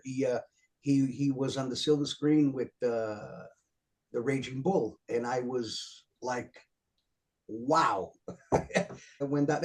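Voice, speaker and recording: A man's voice: on the high side, dark tone. A man in his fifties with a New York accent, telling stories as an interview guest, rambling with many fillers and repeated words. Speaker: author guest. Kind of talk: casual storytelling interview.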